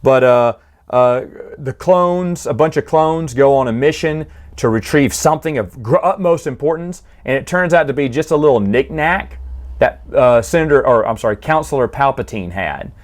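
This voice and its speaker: A man's voice: medium pitch, moderate pace. Chatty man recapping comic books. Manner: chatty, laughs often, frequent restarts and fillers. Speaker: book series reviewer. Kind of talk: casual spoken recap.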